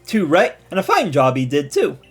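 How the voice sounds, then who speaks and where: Streamer putting on a stiff, failing British-ish voice for a game NPC. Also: male voice, on the high side, lively intonation, fast, faint music behind. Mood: mock-formal. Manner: overdone, faltering mock British accent. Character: game villager read in a shaky mock British voice.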